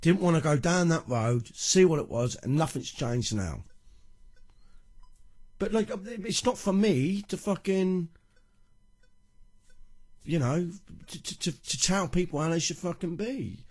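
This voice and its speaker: A man's voice: on the high side, lively intonation, a little slow, long pauses. A man hosting a music live stream, swearing constantly, first squaring up to a heckler and then musing aloud to his chat. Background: loud music.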